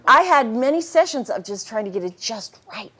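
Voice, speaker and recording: Lively, higher-voiced woman telling stories. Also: moderate pace, slightly rough. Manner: animated, jumps into quoted voices and laughs often. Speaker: voice actress and interview guest. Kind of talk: casual storytelling anecdotes.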